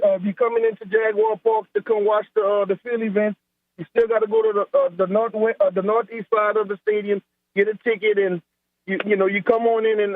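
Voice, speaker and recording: A man with a thick South Louisiana accent rambles along easily, repeating words as he talks. His voice sits fairly high for a man and comes through a thin, tinny phone line. The sound is dry and close. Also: no room sound. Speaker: head track coach. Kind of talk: phone-in interview.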